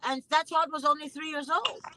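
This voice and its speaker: A woman's voice: sits high, fairly even intonation, fairly quick, sharp tone, slight background noise, rough recording. A woman hosting a casual conversation, speaking emphatically and repeating phrases with indignation. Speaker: host.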